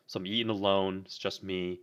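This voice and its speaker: A young man with a very deep voice tells a rambling story as a co-host. He says "like" over and over and swears casually. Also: little pitch movement, brisk, a bit bright, smooth, lo-fi sound.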